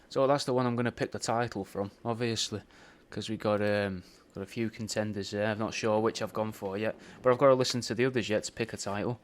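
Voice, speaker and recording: A man's voice: fairly low pitch, fairly even intonation, quick pace. A young man in a casual, rambling monologue, swearing often and ending his lines with "mate" and "bro". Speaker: podcast host recording paid video messages.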